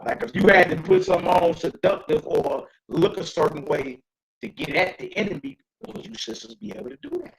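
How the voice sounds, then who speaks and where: A man leading a streamed bible study in an animated, joking, slangy preaching manner. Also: high voice, a little fast, vocal fry, low-quality recording.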